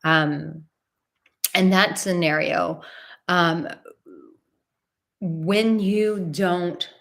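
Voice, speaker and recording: A woman's voice: fairly low pitch, extremely slow, gravelly. A woman in her thirties hosting a live advice stream, speaking bluntly and with animation, often acting out other people's words. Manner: blunt and animated, acts out quoted voices, swears. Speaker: relationship advice host.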